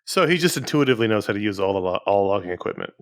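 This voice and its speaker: A man's voice: lowish voice, sing-song, rapid-fire, clear, resonant tone, no echo, studio quality. A man co-hosting a podcast in a casual, chatty way, running through announcements and listener emails. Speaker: podcast co-host.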